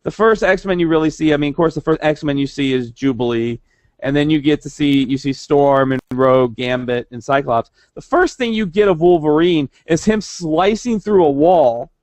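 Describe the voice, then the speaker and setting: A man's voice: a little high, moderate pace, a little mellow, no echo. A young man co-hosting a casual podcast, rambling with many restarts. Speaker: podcast co-host. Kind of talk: casual chat.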